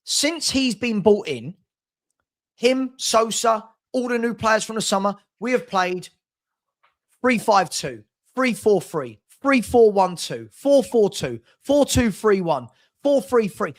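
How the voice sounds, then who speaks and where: A man's voice: high-pitched, sing-song, takes it slowly. A man hosting a casual football chat stream, arguing his points emphatically with rhetorical questions. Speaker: podcast host.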